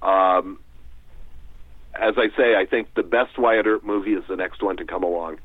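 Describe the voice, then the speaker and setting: A man calls in to a radio interview as an author and tells long stories, eager and digressive, often repeating words while he thinks. His voice is on the low side. It comes over a dry, tinny phone line. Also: fairly even intonation, moderate pace, dry recording. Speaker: author guest. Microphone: telephone.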